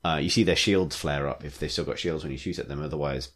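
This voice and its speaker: A man's voice: a bass voice, fast, fairly bright tone. A man co-hosting a podcast, chatting in a rambling, enthusiastic way with lots of fillers. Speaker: podcast co-host. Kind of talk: casual chat.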